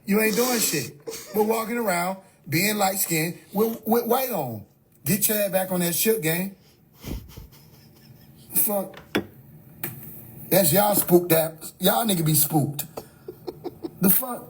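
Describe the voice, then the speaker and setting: Young man, high voice, profane incredulous livestream rant, frequent laughter, faint background noise. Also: slow, pauses often. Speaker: livestream host.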